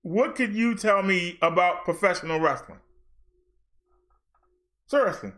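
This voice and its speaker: High, bright-voiced ranting man. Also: unhurried. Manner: animated, blunt, trash-talking. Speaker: wrestling show host. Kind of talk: casual ranting review.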